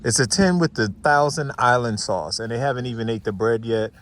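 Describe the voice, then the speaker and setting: A man's voice: medium pitch, a little fast, slight background noise. Chatty middle-aged man vlogging. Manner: lively, chatty, addresses viewers as y'all. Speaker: vlogger host. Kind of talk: casual vlog chat. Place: restaurant and parked car. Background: music playing.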